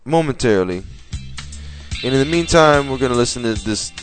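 A man's voice: mid-range voice, lively intonation, fairly quick, faint music behind. A man co-hosting a radio prank show, crude and loose in his banter.

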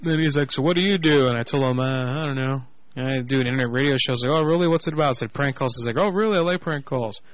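A man's voice: medium pitch, racing, no room sound, dull audio. A young man hosting a prank call internet radio show, crude and joking, swearing often. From Orlando, Florida. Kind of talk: casual internet radio banter.

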